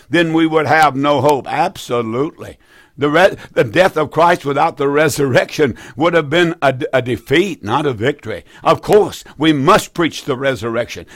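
A man hosts a call-in radio Bible program, taking calls and preaching fervently, repeating phrases and restarting often. His voice is on the high side, recorded dry with studio quality.

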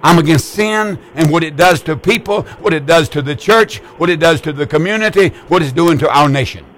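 Fervent preacher hosting call-in radio. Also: male voice, fairly high pitch, a little fast, a bit bright, slight background noise. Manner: fervent, repetitive preacher's cadence. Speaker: radio host and pastor.

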